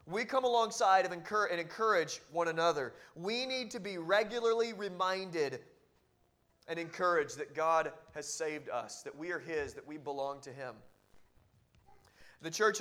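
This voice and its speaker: A man with a notably high voice preaches a sermon as pastor. He exhorts earnestly, often dropping into a hushed, intimate tone. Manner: earnest and exhorting, with sudden drops to a hushed, close tone.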